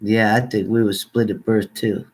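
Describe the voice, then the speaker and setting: An older man casually chatting on a livestream, warmly thanking viewers by name and calling them hon. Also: lowish voice, flat delivery, normal speed. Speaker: livestream host.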